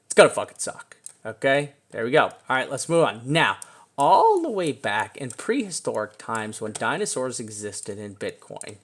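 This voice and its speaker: A man giving a casual, excitable walkthrough of trading charts as a crypto analyst. He chats to the chart as he goes and throws in casual swears. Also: mid-range voice, normal speed.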